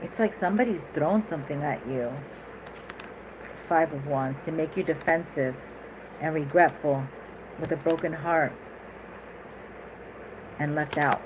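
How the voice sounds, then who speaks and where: A woman's voice: low-pitched, measured pace, pauses often, background noise. A woman giving a casual tarot reading in a chatty, rambling way, laughing often and going off on asides. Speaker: tarot reader.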